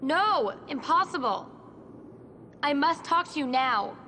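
A desperate birth mother who refuses to be kept from her son. Her voice sits high and her talk is urgent, insistent and pleading throughout this dubbed drama scene. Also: expressive, takes it slowly, sharp tone, a little hiss or hum, full character voice.

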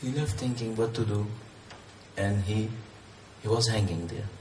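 A man's voice: fairly low pitch, a little slow, warm tone, slight background noise. A man whose first language is Urdu, preaching a sermon in English with earnest, repeated, rising emphatic questions. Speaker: Islamic preacher. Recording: roomy echo, distant mic, faint ambience.

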